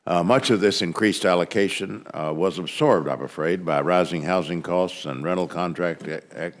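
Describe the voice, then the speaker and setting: A man testifying before a committee about a spending bill, speaking formally and somewhat haltingly, with many hesitations. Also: low-pitched. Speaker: subcommittee chairman testifying. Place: committee hearing room.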